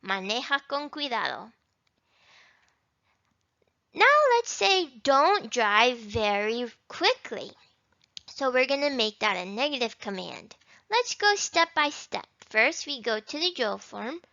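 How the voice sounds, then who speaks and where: A woman teaching an introductory language lesson, modeling words slowly and carefully with upbeat emphasis. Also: a little high, very animated, gravelly, sharp tone, no room sound, highs cut off. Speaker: Spanish teacher.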